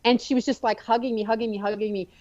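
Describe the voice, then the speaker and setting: A woman guest telling a personal story in an animated, expressive way during a conversation. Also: a little high, fast talker, muffled recording.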